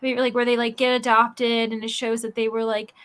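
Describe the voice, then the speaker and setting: A woman with a bright, fairly high voice chats with friends during a live reading sprint. She drops in lots of easy agreements and tells quick anecdotes in a relaxed way. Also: clear, resonant tone. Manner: chatty, with short agreeing replies. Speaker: livestream co-host.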